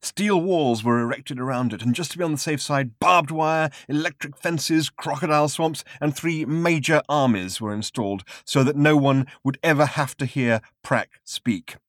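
A man narrating a story in a dry, measured storytelling voice. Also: a little high, no room sound. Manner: dry, measured storytelling with varied expressive delivery. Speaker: audiobook narrator. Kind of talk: scripted narration.

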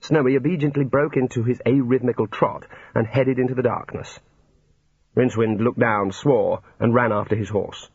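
A man's voice: medium pitch, steady tone, moderate pace, darkish tone, husky, no room sound. A man narrating a comic fantasy novel in a dry storytelling manner. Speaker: audiobook narrator. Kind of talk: scripted narration. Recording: dull lo-fi recording.

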